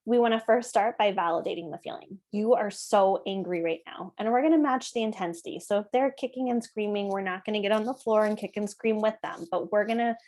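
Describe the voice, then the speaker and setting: Woman, parenting educator; calm, conversational delivery, frequent check-ins with listeners. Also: mid-range voice, fast talker, hardly any pauses. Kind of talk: explanatory talk to parents.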